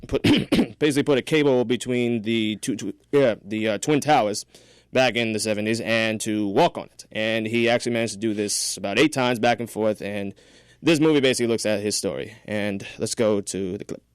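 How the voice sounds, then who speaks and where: A man's voice: a little fast, clean tone, no echo, studio quality. A man hosting a radio film review show, chatting eagerly and pushing back when he disagrees. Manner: enthusiastic, argues back with rising pitch. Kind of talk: casual film review chat.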